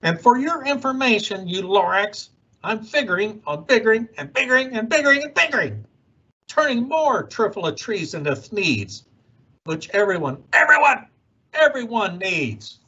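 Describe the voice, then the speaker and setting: Man doing a stubborn greedy businessman, insistent rant, breathy, muffled recording. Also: high-pitched, animated, unhurried, a bit bright, full character voice. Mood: defiant. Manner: defiant, insistent ranting.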